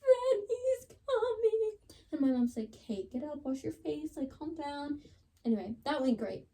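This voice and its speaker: A young woman co-hosting a casual podcast, telling a personal story with lots of "like" and plenty of drama. Her voice sits somewhat high, with a dark, mellow tone. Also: normal speed. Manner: chatty, dramatic retelling, lots of "like". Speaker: podcast co-host.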